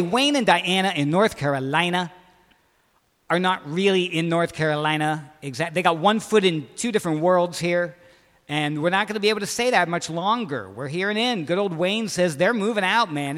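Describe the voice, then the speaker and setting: Guy hosting a radio show, high bright voice, rambly hip talk, lots of room reverb. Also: expressive, moderate pace. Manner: loose, rambling, hip slang. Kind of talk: casual radio banter.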